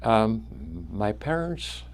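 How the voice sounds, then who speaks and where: A man in his nineties with a foreign accent whose first language is not English, telling students about his life in a halting way, with frequent restarts. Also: fairly low pitch, lively intonation, heavy background noise. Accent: foreign accent, origin not named. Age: 90s. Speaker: guest speaker.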